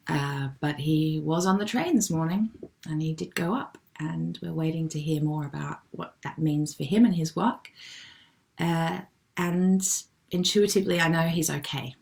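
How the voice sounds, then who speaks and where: A middle-aged woman hosting a live online wellbeing session, gently and affectionately reading out viewers' comments and replying to them. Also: sits low, vocal fry. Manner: gentle, affectionate, calls people darling.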